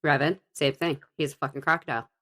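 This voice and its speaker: A woman's voice: low voice, fairly even intonation, fast talker, fairly bright tone. A middle-aged woman co-hosting a podcast in casual chat, blunt and profane, laughing often. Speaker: podcast co-host.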